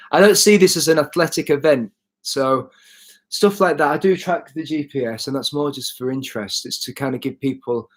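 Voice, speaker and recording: A man chatting casually on a live stream, showing his bike gear and answering viewer comments as he goes. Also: mid-range voice. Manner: chatty, self-correcting, reads out viewer comments. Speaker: cycle touring vlogger.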